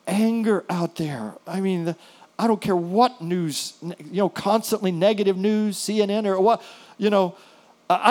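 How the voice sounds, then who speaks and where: A man preaching a sermon as a pastor, telling a story with hushed, soft passages and sudden louder bursts. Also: high-pitched.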